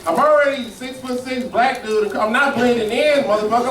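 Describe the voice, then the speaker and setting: High-voiced profane stand-up comic, live club. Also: male voice, normal speed. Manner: loose, profane, storytelling delivery that jumps between somber and mocking. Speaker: stand-up comedian. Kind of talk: stand-up comedy set. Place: comedy club stage with a live audience. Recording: roomy, distant live club recording with loud crowd noise.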